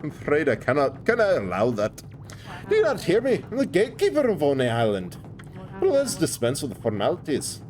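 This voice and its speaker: A man's voice: on the high side, wildly swooping pitch, a little fast, pitched above the performer's own voice. A man reading a cocky male demon gatekeeper from a video game, putting on a Scottish accent and a brash, folksy manner. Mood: challenging. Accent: put-on Scottish. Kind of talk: reading game dialogue aloud in a voice.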